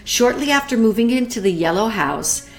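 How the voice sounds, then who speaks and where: A middle-aged woman hosting a live online art class, chatty and warm with viewers, greeting them by name and often restarting her sentences. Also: a little high, expressive, moderate pace, faint music behind. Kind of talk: live-streamed casual art talk.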